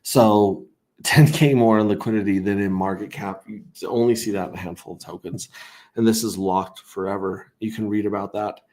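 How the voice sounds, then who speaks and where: A man's voice: lowish voice, fairly even intonation, normal speed, darkish tone. A man hosting a casual crypto livestream, talking through charts in a rambling, self-interrupting way with wry asides.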